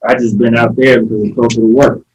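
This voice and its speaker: A man's voice: medium pitch, flat delivery, fast, darkish tone. A man in casual group talk with a mid-range voice. He speaks plainly and without hurry. He sits away from the microphone, so he sounds distant. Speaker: group member. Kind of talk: casual chat.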